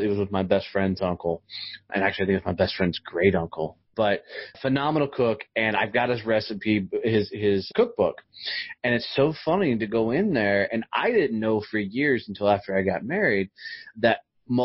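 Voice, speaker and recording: A man's voice: lowish voice, breathy edge, no echo, dull audio. A man hosting a podcast interview, chatting casually, joking and restarting his sentences. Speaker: podcast host.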